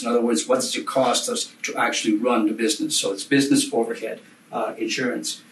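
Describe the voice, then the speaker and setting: A man's voice: medium pitch, fairly even intonation, fairly quick, slight background noise. A man teaching an insurance lesson in a recorded lecture, repeating and stressing key words, with frequent fillers and restarts. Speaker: insurance instructor. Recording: roomy, from a distance.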